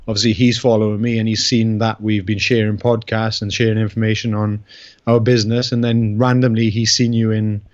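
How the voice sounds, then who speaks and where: A man from the UK co-hosts a casual podcast from a video call, speaking in a lowish, easygoing, measured way. His audio is dull and lo-fi, and dry with no room sound. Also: little pitch movement, dry recording. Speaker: podcast co-host. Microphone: Skype call.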